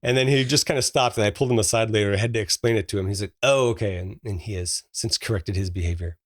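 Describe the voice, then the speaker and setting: A man's voice: lowish voice, steady tone, fast, no echo. Chatty man, dry close sound. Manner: chatty storyteller, frequent fillers and laughs. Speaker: podcast co-host. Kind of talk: casual movie review chat.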